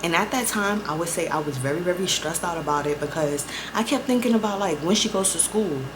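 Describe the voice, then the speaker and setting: A young woman vlogger telling a story in a casual, profane, animated way, acting out both sides of the conversations. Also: fairly low pitch, a little fast, noisy background. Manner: profane, animated storytelling with quoted back-and-forth.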